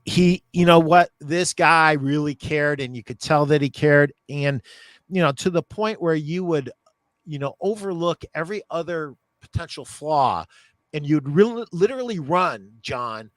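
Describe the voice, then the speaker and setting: A man's voice: fairly high pitch, animated, a little slow, dry recording. Earnest man hosting a podcast. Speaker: podcast host, store owner. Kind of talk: podcast interview.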